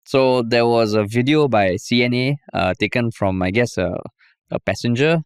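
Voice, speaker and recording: A man's voice: medium pitch, normal speed, clean tone, dry recording, clean studio sound. A Singaporean man co-hosting a podcast, telling stories in a casual, wry way with a Singaporean English accent. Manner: wry, laid-back, says "lah" and "man". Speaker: podcast co-host. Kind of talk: casual chat.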